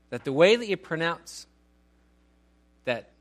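High-voiced man preaching a casual sermon. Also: animated, normal speed, long pauses. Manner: conversational, self-deprecating preaching with many restarts. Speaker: pastor.

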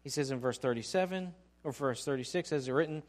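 A man's voice: medium pitch, fast, few pauses. A man preaching a sermon, acting out quoted voices and leading the congregation in call-and-response. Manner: animated preacher who acts out quoted voices and asks the congregation to repeat lines. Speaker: pastor.

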